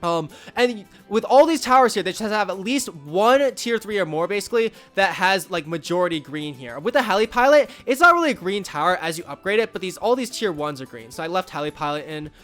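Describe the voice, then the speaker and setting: A man's voice: high-pitched, animated, a little fast, few pauses, a bit bright, soft background music. A young man giving casual gameplay commentary as a YouTuber, upbeat and rambling with many fillers and asides. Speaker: gaming YouTuber.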